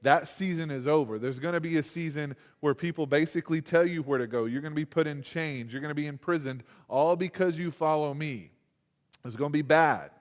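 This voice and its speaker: A man giving a chapel sermon in an animated, conversational way, acting out quotes as he goes. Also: fairly high pitch, brisk. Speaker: chapel speaker. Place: university chapel. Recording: long hall reverb.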